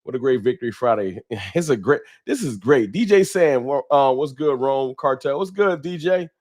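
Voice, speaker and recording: A man's voice: mid-range voice, lively intonation, normal speed, a little mellow. A man hosting a casual live stream from a room at home, greeting viewers by name in loose slang. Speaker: livestream host. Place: home room with a wall sign. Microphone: desk microphone.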